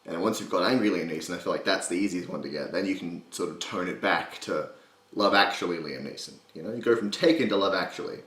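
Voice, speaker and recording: A man's voice: low-pitched, fast talker, a bit bright. A man hosting a voice impression tutorial, rambling and self-mocking in a casual, joking way. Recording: roomy echo.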